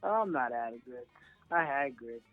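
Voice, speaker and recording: A man joining a casual chat from a remote call, giving short relaxed replies. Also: medium pitch, a little slow, no echo, phone-quality sound, faint music behind.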